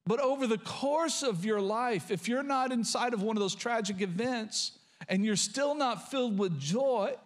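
A middle-aged male pastor preaching a sermon, reading scripture slowly and urging listeners to write down key points. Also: very high voice. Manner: reads scripture slowly, coaxes the congregation to write things down.

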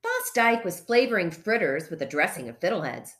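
A woman reading a children's picture book aloud, narrating in an expressive, playful way. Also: on the low side, fairly quick. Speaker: storyteller.

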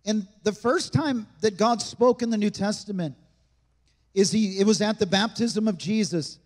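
A man's voice: high voice, moderate pace, in a large hall. A male pastor preaching a sermon in a church, emphatic and conversational, with frequent rhetorical questions to the congregation. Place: church sanctuary.

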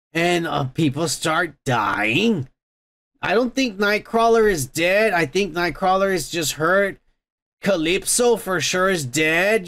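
A man with a high voice hosts a casual podcast, retelling a cartoon episode in a rambling, excitable way. He swears constantly and piles on fillers as he goes. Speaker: podcast host.

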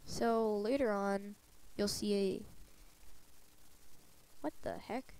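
A woman's voice: medium pitch, fairly even intonation, unhurried, pauses often, darkish tone, slight background noise, poor audio. A woman with a cold giving casual gameplay commentary, talking to herself with sing-song asides. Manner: chatty self-talk with sing-song asides. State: has a cold. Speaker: let's play gamer.

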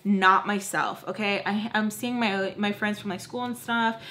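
A young woman chatting through a storytime while doing her makeup, animated and acting out the other people's lines. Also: mid-range voice, unhurried, a little hiss or hum. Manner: chatty, animated, acts out quoted voices. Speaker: beauty vlogger.

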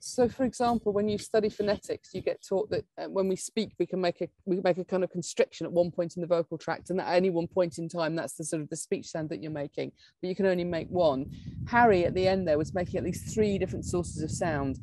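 Woman, lowish mellow voice, eager academic lecturer, dry recording. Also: fast talker, no echo. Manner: explanatory, enthusiastic, with small laughs and restarts. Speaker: neuroscience lecturer. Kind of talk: academic conference talk.

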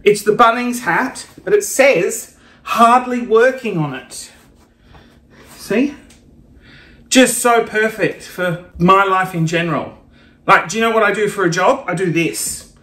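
A young man vlogging a casual shopping haul, playful and self-mocking, with sudden excited gasps. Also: high-pitched, unhurried. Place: room at home. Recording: roomy home recording.

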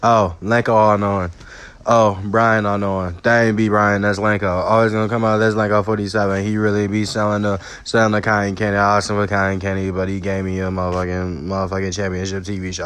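Low-voiced young man freestyling. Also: flat delivery, brisk, a bit bright, smooth, no room sound. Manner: repetitive, chanting, half-sung. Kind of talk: rambling freestyle rap.

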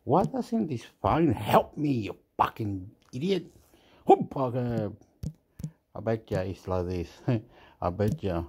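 A man's voice: lowish voice, big pitch swings, slow, dark tone, husky. A man rambling and swearing in a casual monologue, dropping into now and then. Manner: swearing, rambling, mixes English and Spanish.

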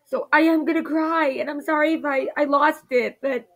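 A woman's voice: high-pitched, fairly even intonation, moderate pace, rough recording. A young woman vlogging at home, emotional and apologetic, talking through tears. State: crying. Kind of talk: casual talk to camera.

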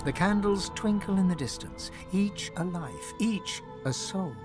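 A man narrating a video game in measured, descriptive storytelling, with game music behind him. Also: high voice, animated. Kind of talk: scripted narration.

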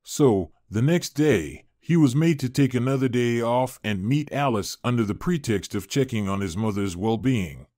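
Male storyteller, mid pitch, steady scripted narration, dry. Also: normal speed, few pauses, dry recording.

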